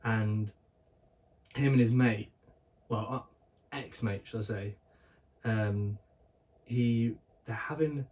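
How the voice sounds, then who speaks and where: A man's voice: fairly low pitch, slow pace, long pauses, darkish tone, distant mic, slight background noise. A young man co-hosting a casual podcast, telling stories in a rambling way with lots of fillers and restarts. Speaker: podcast co-host. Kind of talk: casual chat.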